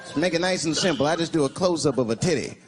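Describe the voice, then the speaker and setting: Male stand-up comic, high, lively and profane, on a noisy live recording over roaring audience laughter. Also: fast, over a noisy crowd. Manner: animated, profane and incredulous. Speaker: stand-up comedian. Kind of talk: stand-up comedy.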